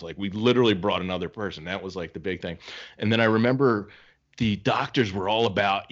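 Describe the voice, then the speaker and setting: A man's voice: low voice, a little fast, fairly bright tone. A man co-hosting a podcast, telling stories in a laid-back way and swearing casually. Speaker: podcast co-host. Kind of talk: casual chat. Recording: dull lo-fi podcast audio.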